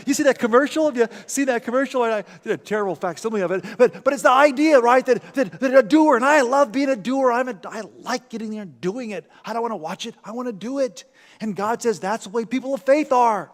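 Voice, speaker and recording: A man preaching a sermon in a church, animated, acting out everyday scenes and often repeating words. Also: very high-pitched, quick pace, long reverb tail. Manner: animated, acts out parent and commercial voices, repeats words. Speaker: pastor. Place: church sanctuary.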